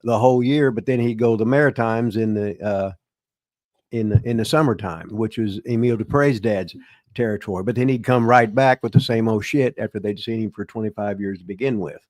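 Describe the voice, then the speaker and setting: A man's voice: fairly low pitch, fairly quick, darkish tone, no room sound. An older man, a veteran wrestler hosting a live question show, telling old stories in a rambling, casual way full of restarts and fillers. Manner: rambling, frequent uh and restarts, laughs at his own stories. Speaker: host, veteran wrestler and former booker.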